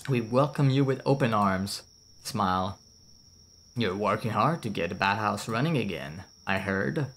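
A man voicing a sly, greedy village monk with a soft, slow, faintly menacing delivery in a horror game. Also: on the low side, lively intonation, exaggerated voice. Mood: welcoming.

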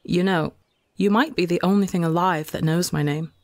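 A man voicing a weary, gentle young male forest god who speaks softly and wistfully. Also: high-pitched, steady tone, moderate pace, dry recording, clean studio sound. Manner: soft, tired, wistful.

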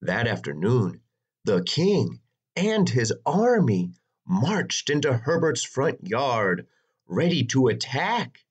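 Slow, husky man reading a storybook. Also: highs cut off. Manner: expressive, sweeping pitch for drama. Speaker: narrator.

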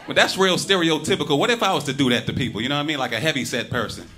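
A man doing a stand-up set with a bright, forceful voice. He mocks other people's reactions through quick impressions. His tone stays sharp and lively throughout. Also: mid-range voice. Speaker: stand-up comedian.

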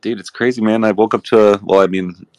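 A man's voice: on the low side, a little fast, dry recording. A man hosting a live audio chat room, talking loosely with lots of fillers. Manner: relaxed, rambling, filler-heavy talk. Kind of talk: casual chat. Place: Thailand.

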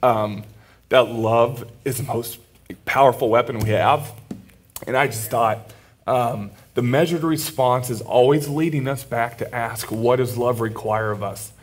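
A man in his thirties, a pastor giving a conversational sermon, telling stories in a relaxed way with fillers. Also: medium pitch, unhurried.

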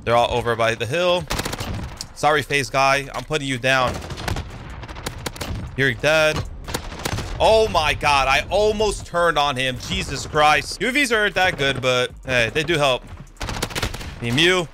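A young man rattles off live commentary on his own game, excitable and quick to yelp or swear. His voice sits a little high and swings widely in pitch. Gunfire and game sounds stay loud beneath him. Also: background noise. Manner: excitable, yelps and swears during fights. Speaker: gaming YouTuber.

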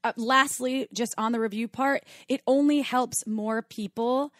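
A woman's voice: a little high, fairly even intonation, measured pace, a bit bright, no echo, clean studio sound. A woman co-hosting a casual podcast, chatty and playful with jokes. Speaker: podcast co-host.

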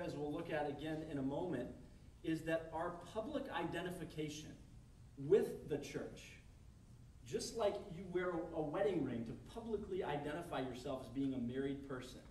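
This sermon comes from a male pastor whose fairly high voice has a slightly mellow quality. Preaching conversationally in a church service hall, he acts out quoted scenarios for the congregation. The recording is echoey and distant-miked, with slight background noise.

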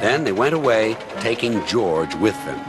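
A man reading a children's story aloud in an expressive storytelling manner. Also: on the low side, normal speed. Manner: expressive reading with many voices. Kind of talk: storybook narration. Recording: narration over loud music.

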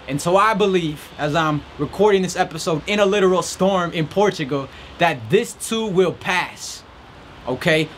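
A man with a slightly high voice hosts a podcast, delivering an earnest, encouraging, faith-based motivational talk while standing outside in a rainstorm. A little hiss or hum is audible.

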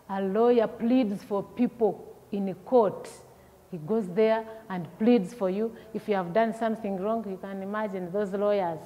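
A woman teacher leading a vocabulary lesson for young children, repeating each word and asking questions. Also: on the high side. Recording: long hall echo, dull lo-fi sound.

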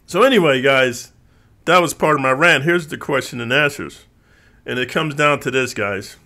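A man hosts his own show and rants straight to his viewers, swearing freely and dropping "bro" at every turn. His voice is bright and forward, and he keeps slipping into mimicked voices of the people he complains about. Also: mid-range voice, moderate pace. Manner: profane, streetwise, says bro a lot; lively, mimics others in quoted voices. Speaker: channel host. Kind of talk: ranting monologue to viewers.

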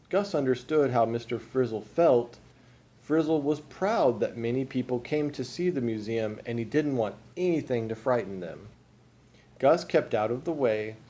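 A man reading a children's storybook aloud as a father, with expressive, unhurried storytelling. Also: mid-range voice.

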